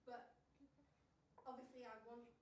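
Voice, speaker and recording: Pausing woman from far back. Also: on the high side, level tone. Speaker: audience member. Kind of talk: speaking from the audience. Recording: very echoey, distant, faint noise.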